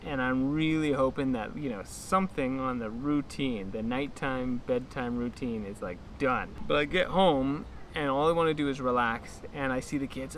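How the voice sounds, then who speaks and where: A man's voice: medium pitch, a bit bright, a little hiss or hum. A young American man from California, chatting casually in a vlog with a laid-back, rambling way of talking. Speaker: vlogger.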